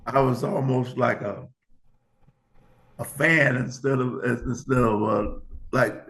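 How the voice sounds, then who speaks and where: An older man, a guest in a casual interview, who speaks haltingly and often repeats words. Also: medium pitch, fairly even intonation, creaky, a bit bright.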